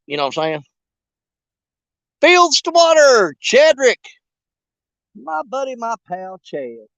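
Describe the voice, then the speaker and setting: A man's voice: on the high side, a bit bright, clear, resonant tone, dry recording. Joking man fishing outdoors. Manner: joking, rambling, folksy. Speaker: fishing vlogger. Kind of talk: casual livestream chat. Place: outdoors on a riverbank.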